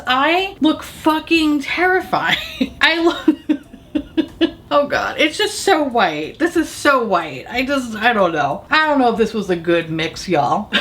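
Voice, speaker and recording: A woman chatting through a casual makeup try-on, swearing freely and laughing often, her voice a bit rough from allergies. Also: fairly high pitch, a bit bright. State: allergies affecting the voice. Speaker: beauty vlogger.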